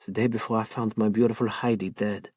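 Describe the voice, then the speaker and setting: A man voicing a frightened woman who speaks quietly and hesitantly, in an audiobook. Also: fairly low pitch, fairly even intonation, brisk, breathy edge, dry recording, studio quality. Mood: subdued fearful.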